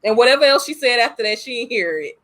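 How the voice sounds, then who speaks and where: A woman's voice: fairly high pitch, fast. A woman co-hosting a podcast, chatting casually about a movie and acting out scenes. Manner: animated, acts out scenes in quoted voices. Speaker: podcast co-host. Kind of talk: casual movie review chat.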